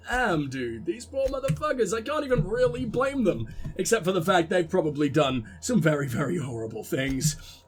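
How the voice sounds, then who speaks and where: A man's voice: high voice, very animated, normal speed, a little hiss or hum. A man with a Cockney accent commenting wryly and profanely while playing a video game. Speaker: let's play gamer.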